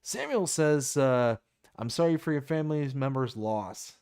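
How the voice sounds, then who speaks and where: A man's voice: medium pitch, lively intonation, a little slow, darkish tone, clean tone. A man hosting a live stream in casual chat, reading viewer comments aloud and laughing easily. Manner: easygoing, laughs often, reads chat aloud.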